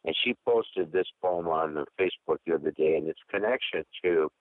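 A man from Michigan with a very deep voice talks in a rambling way, filling pauses with fillers. He comes through a narrow, phone-like call line that sounds dry. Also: no echo. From Michigan, USA. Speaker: caller to a poetry show. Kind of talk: casual chat over a video call.

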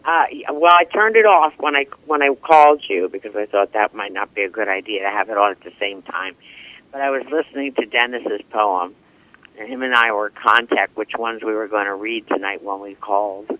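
A man's voice: fairly low pitch, a little fast, no room sound. Male phone caller, hesitant and rambling, thin tinny line, dry sound. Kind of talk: phone call-in chat. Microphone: telephone.

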